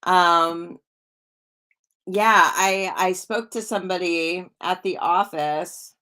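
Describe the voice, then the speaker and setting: A middle-aged woman chats on a livestream in a rambling, easygoing way, answering viewer comments as she goes. Her voice sits a little low, and she takes her time over every phrase. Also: clear, resonant tone. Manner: chatty and rambling, with frequent restarts and soft laughs. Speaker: psychic livestream host. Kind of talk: casual livestream chat reading viewer comments.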